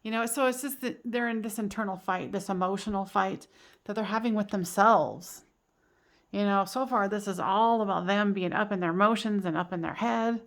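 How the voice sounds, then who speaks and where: A woman's voice: medium pitch, moderate pace. A woman doing a casual tarot card reading for her channel, talking in a chatty, giggly way with lots of fillers and restarts. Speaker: tarot reader.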